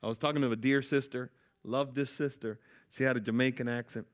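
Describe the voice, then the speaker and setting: A man's voice: mid-range voice, steady tone, fairly quick, few pauses. Man preaching an emphatic sermon. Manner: emphatic, calls out to the congregation. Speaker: pastor.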